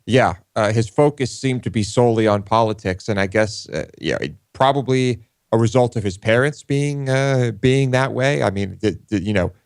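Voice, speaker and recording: A man's voice: medium pitch, normal speed, no echo, clean studio sound. A man co-hosting a talk show, chatting casually and hesitantly with many filler sounds. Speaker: co-host. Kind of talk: casual chat.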